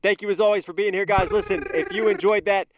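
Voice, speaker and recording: A man's voice: high-pitched, fairly even intonation, fast talker, noisy background. A man hosting a reaction video, talking in an easygoing, casual way. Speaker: reaction channel host.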